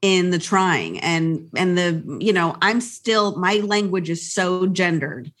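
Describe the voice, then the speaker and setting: A woman talking as a podcast guest in casual chat, animated and laughing often as she acts out little quoted exchanges. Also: on the low side, takes it slowly.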